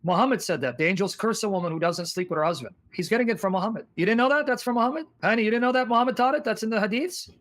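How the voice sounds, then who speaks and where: A man in middle age hosts a live stream and comments on a video. He talks quickly and with open indignation, and his voice sits high for a man. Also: fairly bright tone, dry recording. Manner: heated, indignant, fast-talking. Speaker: host reacting to a video.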